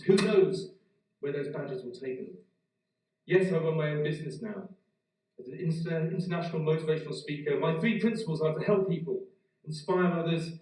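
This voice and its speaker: A man's voice: on the high side, darkish tone. A middle-aged British man giving a graduation keynote as a motivational speaker. He tells his story vividly, building energy, then gives earnest advice. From Britain. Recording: very echoey hall, speaker far from mic.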